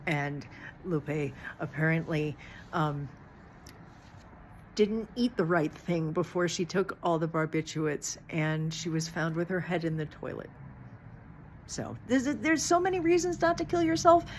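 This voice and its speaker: A middle-aged woman with a low-pitched voice talks through a loose, rambling monologue, frank and chatty, with the odd curse. A faint hum sits under the recording. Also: expressive, a little slow. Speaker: channel host. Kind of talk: casual monologue.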